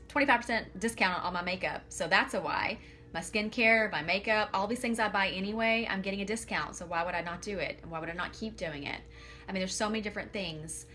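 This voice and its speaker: A woman's voice: fairly low pitch, sharp tone. A woman, talking casually and earnestly on a live video from home, emotional and rambling with fillers. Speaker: makeup seller on a live video. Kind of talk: casual live-stream talk.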